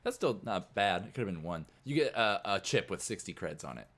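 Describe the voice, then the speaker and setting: Low-voiced rambling game master. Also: male voice, sing-song, brisk, fairly bright tone. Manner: loose, rambling storytelling full of "like". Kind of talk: narrating a tabletop game.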